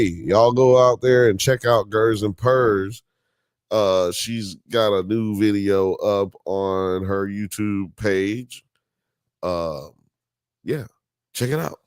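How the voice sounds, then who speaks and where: A man's voice: lowish voice, takes it slowly, a little mellow, smooth, no room sound. A man hosting a podcast live stream, chatting casually in a profane, joking, rambling way. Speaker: podcast host.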